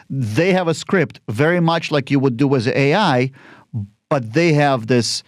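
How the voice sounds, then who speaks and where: A man, a lawyer guesting on a podcast, telling quick stories and acting out the client dialogue himself. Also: medium pitch, dry recording, studio quality. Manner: quick storytelling that acts out phone calls and client dialogue. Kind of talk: casual interview talk.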